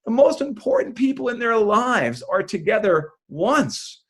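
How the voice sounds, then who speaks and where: A man, a magician, talking in a lively podcast interview, with loud bursts of enthusiasm and frequent laughter. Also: high voice, a little slow, breathy edge. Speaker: magician guest.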